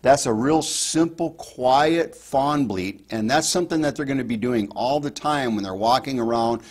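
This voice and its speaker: A man of ordinary pitch walks listeners through hunting calls in a plain, instructional tone. He explains patiently and step by step. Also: normal speed. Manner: explains step by step, demonstrates softly. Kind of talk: instructional talk.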